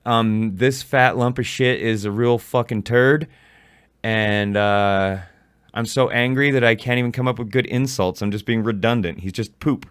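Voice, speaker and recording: A man's voice: medium pitch, moderate pace, clean tone, dry recording. An adult man ranting angrily in a profane reaction commentary, recorded close on a mic. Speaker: commentary YouTuber.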